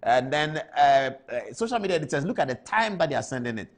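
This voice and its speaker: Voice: mid-range voice, sing-song, fast. A TV show host with a Ghanaian accent, giving live commentary and lecturing with repeated rhetorical questions.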